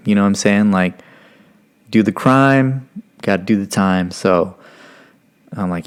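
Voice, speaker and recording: A man's voice: on the low side, unhurried, pauses often, clean tone. A man from Stockton, California, a podcast guest, tells a story in a casual, profane, rambling way with many fillers. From Stockton, California, United States.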